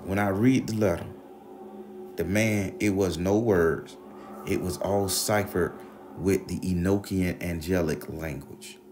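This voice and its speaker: A man's voice: sits low, measured pace, faint music behind. A man telling a wild personal story, slangy and profane, acting out the voices of everyone in it. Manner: animated, slangy, acts out the voices.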